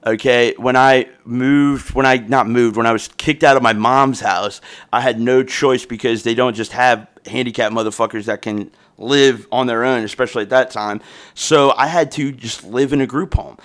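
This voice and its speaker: A man's voice: medium pitch, fairly even intonation, moderate pace, a bit bright. A young man hosting a podcast, telling a story in a loose, profane, rambling way with frequent restarts. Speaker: podcast host.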